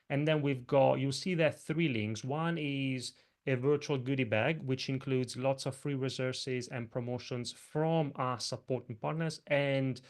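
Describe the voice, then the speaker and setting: A man hosting an online session, reading out audience questions and hesitating as he repeats words, on a video call mic. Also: mid-range voice. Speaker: host and moderator.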